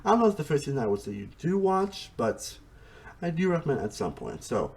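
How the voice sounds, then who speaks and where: A man talks through a casual review in a loose, rambling way. He circles back over his points and keeps tacking on "honestly". His pitch swings up and down a lot. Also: big pitch swings, a little fast, gravelly, a little mellow. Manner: rambling, repeats himself, says "honestly" often.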